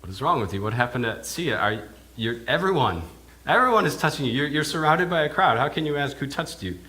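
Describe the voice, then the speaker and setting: A man doing loud exasperated disciples. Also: medium pitch, animated, fairly quick, voice pushed up. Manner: incredulous, raised voice.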